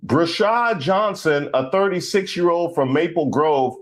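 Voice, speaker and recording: A man's voice: on the high side, a little slow, few pauses. A man hosting a comedic news commentary show, casual and slangy, riffing and joking. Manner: animated, joking, breaks into song and laughter.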